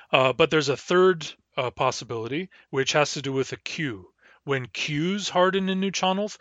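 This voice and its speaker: A man teaching a language lesson, explaining the grammar patiently and step by step and slowing down to sound out each word. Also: a little high, a bit bright, dry recording, highs cut off. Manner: patient, explains step by step, slows down to model words.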